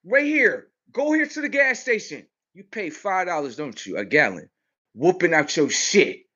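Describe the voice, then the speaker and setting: A man in a profane, aggressive street rant, cursing and mocking, swinging between loud outbursts and low mutters. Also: very animated, moderate pace, lo-fi sound. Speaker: vlogger.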